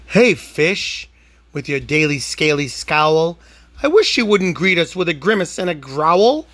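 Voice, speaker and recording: Soft-spoken storybook jellyfish, read by a man, gently chiding. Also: fairly high pitch, sing-song, a little slow, no echo. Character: gentle floating male jellyfish.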